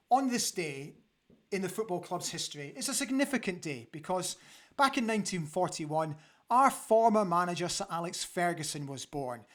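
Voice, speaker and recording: A man with a Scottish accent hosting a football fan review show, talking earnestly to his viewers and often pausing on fillers. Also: sits high. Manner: earnest, halting with frequent fillers.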